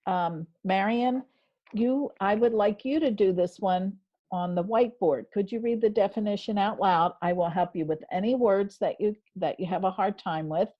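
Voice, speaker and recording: A woman's voice: medium pitch, moderate pace, highs cut off. A woman teacher leading an online spelling lesson, patient and encouraging as she talks through what she does on screen. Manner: patient, encouraging, narrates her screen actions. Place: home, on a video call. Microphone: video call.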